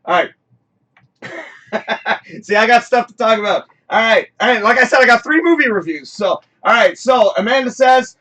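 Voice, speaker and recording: Male host for a home-studio live show: high, bright voice, loose rambling delivery, curses and shouts freely. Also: normal speed. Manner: rambling, excitable, swears freely, bursts into shouts. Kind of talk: casual live-stream chat.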